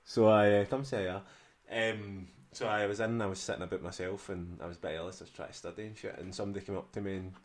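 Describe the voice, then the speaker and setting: A man's voice: on the low side, steady tone, fast talker. A man with a Glaswegian Scottish accent, co-hosting a podcast in casual chat, telling rambling, sweary stories and restarting his sentences. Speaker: podcast co-host.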